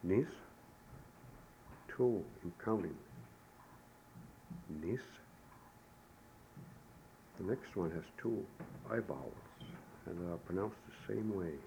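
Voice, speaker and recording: A man with a very low, dark voice teaches pronunciation at an unhurried pace. He says each word slowly and repeats it twice. A faint hiss sits under the recording. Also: gravelly, poor audio. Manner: slow and repetitive, modeling each word twice. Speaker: language teacher. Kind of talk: pronunciation lesson.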